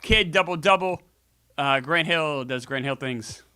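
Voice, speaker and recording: A man's voice: a little high, unhurried, bright, forceful tone, clear, resonant tone, dry recording. A man hosting a casual video game playthrough, joking with viewers and cursing freely as he comments on the game. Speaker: gaming show host.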